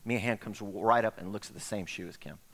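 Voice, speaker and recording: A middle-aged man preaching a sermon as pastor, telling stories in an animated way and acting out the voices of the people in them. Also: fairly low pitch, fast talker, gravelly. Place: church sanctuary. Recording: long hall reverb.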